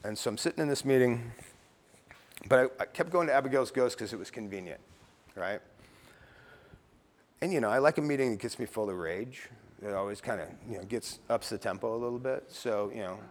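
A man's voice: mid-range voice, animated, a little fast, long reverb tail. A middle-aged man sharing his recovery story at a meeting, blunt and casual, swearing and tossing in "you know" and "right.".

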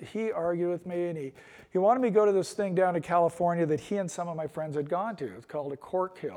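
A man's voice: a little high, dark tone. A middle-aged man giving a candid, rambling personal testimony at a recovery meeting, with wry self-deprecating asides. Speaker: speaker sharing his recovery story. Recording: long echoey hall reverb.

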